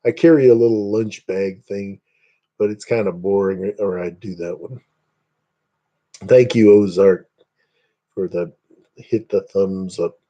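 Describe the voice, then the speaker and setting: A man's voice: lowish voice, steady tone, a little slow, long pauses, dark tone, dull audio. A man from Indiana hosting a casual livestream, rambling chattily and greeting viewers by name. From Northeast Indiana, USA. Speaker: livestream host.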